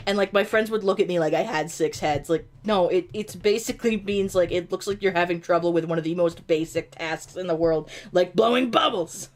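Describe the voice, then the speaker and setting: Rambling, low-voiced woman streamer. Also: a little fast, hardly any pauses. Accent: upstate New York. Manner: rambling, full of "like", laughs easily. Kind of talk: casual chat while gaming.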